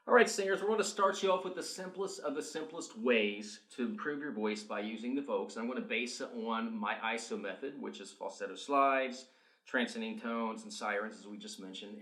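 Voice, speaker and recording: A man working as a vocal coach, talking singers through warm-up exercises in an energetic, coaching manner. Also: on the low side. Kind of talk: instructional video demonstration. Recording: roomy echo.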